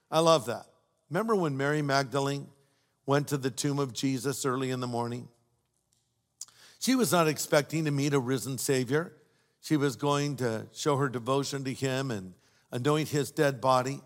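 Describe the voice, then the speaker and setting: An older man preaches a sermon with warm storytelling and playful asides. His voice sits a bit high for a man. It carries a long reverb from a large hall or church. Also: normal speed. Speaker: pastor.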